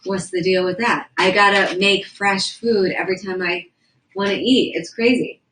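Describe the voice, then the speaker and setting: A woman's voice: medium pitch, steady tone, normal speed, noisy background. A young woman livestreaming, chatting casually and rambling as she reads viewer comments aloud from indoors. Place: indoors at a house.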